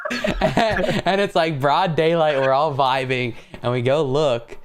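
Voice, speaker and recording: A man's voice: medium pitch, animated, unhurried, clean tone. A young man co-hosting a podcast, telling a story in loose, profane chat with heavy slang. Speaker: podcast co-host.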